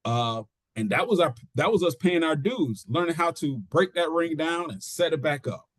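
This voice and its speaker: A middle-aged man, a pro wrestler being interviewed, telling his story casually and acting out quotes in an animated way. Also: a little high, normal speed, dry recording. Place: studio.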